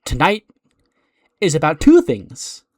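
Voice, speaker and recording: A man's voice: fairly high pitch, wildly swooping pitch, slow pace, no room sound, studio quality, exaggerated voice. A man voicing a smug, glamorous woman wrestler who bosses her protégé around. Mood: bossy. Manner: bossy, self-important.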